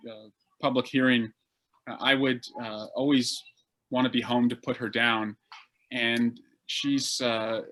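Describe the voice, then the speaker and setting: A man's voice: mid-range voice, sharp tone, poor audio. Politician man on video call, loose talk, lots of uhs. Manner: conversational, many "uh" fillers. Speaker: congressman answering audience questions. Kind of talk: casual Q&A answers.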